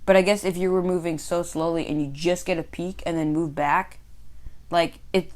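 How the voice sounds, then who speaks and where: A woman co-hosts a relaxed podcast, tumbling through excited explanations packed with filler words. Her voice sits a little on the low side. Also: moderate pace. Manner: rambling and excitable, full of fillers. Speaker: podcast co-host. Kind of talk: casual chat.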